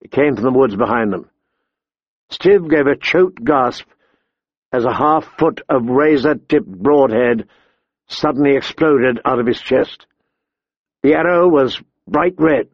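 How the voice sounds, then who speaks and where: A man narrating a fantasy audiobook in a measured, deliberate storytelling manner. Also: medium pitch, dry recording. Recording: slightly dull, dry recording.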